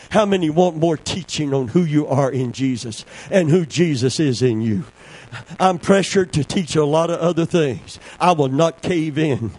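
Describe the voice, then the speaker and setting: A man's voice: medium pitch, a little mellow, poor audio. A man preaching a sermon to his congregation, a fervent preacher telling a personal testimony and repeating key words for emphasis. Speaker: pastor.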